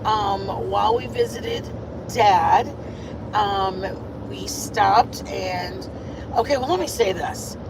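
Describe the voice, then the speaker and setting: A woman's voice: mid-range voice, sing-song, takes it slowly. A woman streamer giving a casual, sassy rundown, chatting and rambling with fillers, recorded on a phone camera inside a moving car. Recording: loud car road noise.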